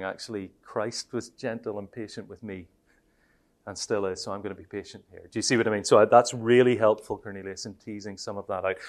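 An Irish man teaching a Christian workshop in a conversational way, often chuckling and acting out example phrasings. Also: on the low side. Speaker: Christian trainer.

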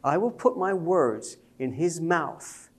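Animated male preacher telling a story. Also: on the high side, slow pace, husky. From Jewish believer speaking to a congregation. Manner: storytelling, animated, rising to emphatic peaks. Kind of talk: sermon with personal story.

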